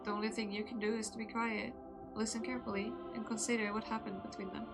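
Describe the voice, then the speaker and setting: A woman streamer reading game dialogue aloud, slow and deliberate, voicing each character in turn. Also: on the high side, flat delivery. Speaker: VTuber streamer. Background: game music.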